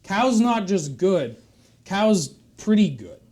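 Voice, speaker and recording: Guy telling a super long pointless joke, deadpan, explains everything twice, slightly high voice. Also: takes it slowly. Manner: meandering, deadpan, over-explaining. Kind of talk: shaggy-dog joke storytelling.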